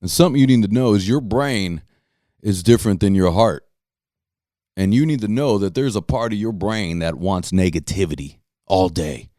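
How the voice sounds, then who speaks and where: A man's voice: fairly low pitch, moderate pace, dark tone, dry recording, studio quality. Rambling man telling a story. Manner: rambling, restarts, profane, laughs at himself. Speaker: host talking to his followers. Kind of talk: casual storytelling monologue.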